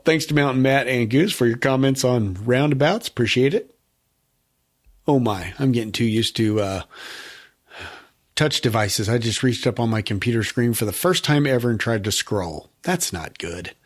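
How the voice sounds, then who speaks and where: A male podcast host talks casually into his mic, reading out listener comments. He is quick to poke fun at his own mistakes and breaks into laughter often. His voice sits at an ordinary middle pitch. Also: gravelly. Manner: self-mocking, laughs often.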